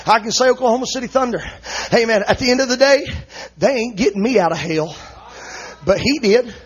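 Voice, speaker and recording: A male preacher with a strikingly high, husky voice delivers an emotional sermon. He shouts in rhythmic bursts and tags nearly every line with "uh, amen." The intensity stays high and fervent. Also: quick pace. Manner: shouts rhythmic lines, punctuating each with "uh, amen". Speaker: visiting preacher.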